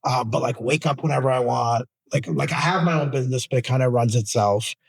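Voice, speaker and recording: A man with a Canadian accent, an actor talking casually in an interview, animated and emphatic as he makes his points. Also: brisk, vocal fry, husky. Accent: Canadian English. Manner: animated, emphatic, rising pitch when making a point. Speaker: actor guest.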